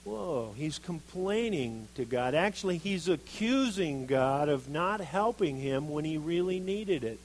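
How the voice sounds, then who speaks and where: A man preaching a sermon, reading scripture and acting out the quoted speakers with lively expression. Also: fairly high pitch, unhurried, few pauses, a little hiss or hum, low-quality recording. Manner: animated, acts out quoted voices of Jeremiah and God.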